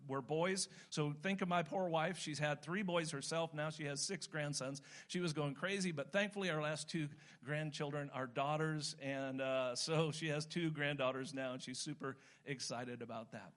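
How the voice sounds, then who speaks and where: An older American man, a pastor, preaching a sermon in a conversational way that turns animated when he stresses a point. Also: fairly high pitch. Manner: conversational, rising to animated emphasis.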